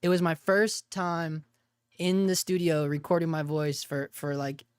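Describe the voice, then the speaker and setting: A man's voice: a little high, level tone, measured pace, smooth, no echo, studio quality. A man hosting a casual live stream, laid-back and profane, laughing often and calling people dude and bro. He has an unusual voice that he uses for cartoon work.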